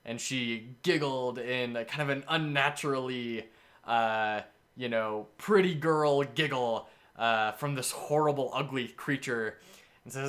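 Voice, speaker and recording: Male game master, casual and enthusiastic, rambles through his scenario with a bright voice. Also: mid-range voice, measured pace. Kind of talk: casual game-prep talk.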